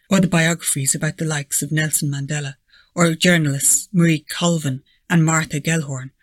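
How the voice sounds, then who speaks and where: A man with a slightly high voice reads a memoir aloud in a steady, measured way. The sound is dry and close, with no room around it. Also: no echo. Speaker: reader of a submitted manuscript. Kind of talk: read-aloud memoir narration.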